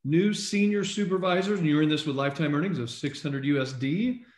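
A man co-hosting a live online recognition event, reading out names in an upbeat way and often clearing his throat, speaking over a video call. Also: a little high, brisk. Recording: echoey room on a video call.

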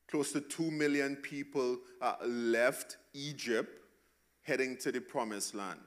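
Slow, emphatic male preacher. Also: mid-range voice. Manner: emphatic, repetitive, swings between soft and loud. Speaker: pastor. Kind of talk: sermon.

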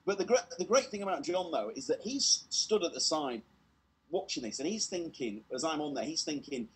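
A British man telling a comedy story on an online show, lively and acting out the voices, laughing at his own tale. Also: a little high, moderate pace.

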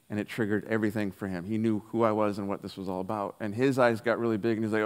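A man's voice: fairly low pitch, fairly even intonation, fast, few pauses, clean tone. Earnest man preaching in a reverberant hall. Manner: earnest storytelling, drops soft on key lines. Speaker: pastor. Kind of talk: sermon with personal story. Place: church hall.

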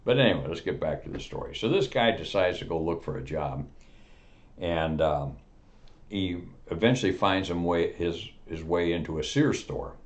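A man in his seventies telling a long joke in a relaxed, folksy, rambling way. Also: low-pitched, normal speed. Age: 70s. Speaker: storyteller. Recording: dull lo-fi recording.

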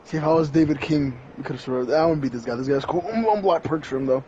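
A man's voice: on the high side, quick pace, lo-fi sound, a crowd in the background. A young man chatting casually during a game, teasing his friend and joking around. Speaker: gamer. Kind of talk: casual gaming chat.

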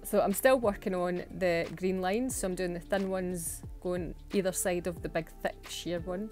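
A woman's voice: fairly low pitch, steady tone, normal speed, darkish tone, faint music behind. A Scottish woman chatting through a home voice-over for her nail art videos, self-mocking and laughing often. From Scotland. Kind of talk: casual voice-over narration.

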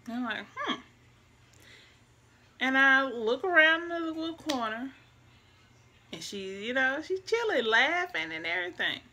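A woman, telling a personal story in a casual, soft-spoken and reflective way, speaking straight to her viewers. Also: sits high, expressive, moderate pace, gravelly. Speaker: vlogger.

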